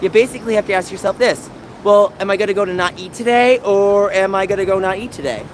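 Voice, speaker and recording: Streamer, male, high voice, anxious pleading rants, phone audio with loud traffic behind. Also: fast talker. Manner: distressed, pleading rants to chat. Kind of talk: live-stream vlog talking to chat. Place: outdoors on city streets.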